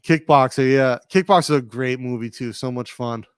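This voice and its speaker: A man with a smooth, medium-pitched voice and moderate pace hosts a livestream from his home studio. Originally from Rhode Island, USA, he has a slight New England accent and rambles laid-back, talking to viewers directly and reading their comments. The recording is dry.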